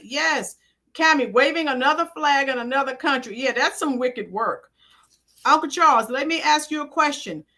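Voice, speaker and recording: A woman's voice: high voice, pushed and bright. Emphatic woman hosting a livestream. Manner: emphatic and punchy, greets chat viewers by name, repeats catchphrases. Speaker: livestream commentary host. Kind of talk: live-stream political commentary, reading out the chat.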